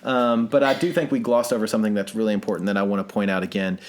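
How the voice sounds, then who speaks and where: A man's voice: fairly low pitch, steady tone, very fast. A man co-hosting a podcast from his living room, talking in a chatty, self-deprecating way and laughing often. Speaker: podcast co-host. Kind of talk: casual podcast chat.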